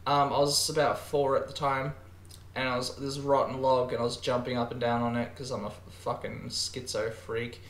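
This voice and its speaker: A man's voice: medium pitch, level tone, normal speed, fairly bright tone. A young man, a podcast guest chatting casually and animatedly, swearing and breaking into laughter. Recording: roomy echo.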